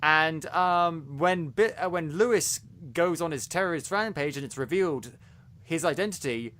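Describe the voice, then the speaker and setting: Guy chatting on a podcast, kinda high and bright, lots of restarts. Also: moderate pace. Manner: animated, rambling with many restarts. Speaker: podcast co-host. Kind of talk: casual review chat.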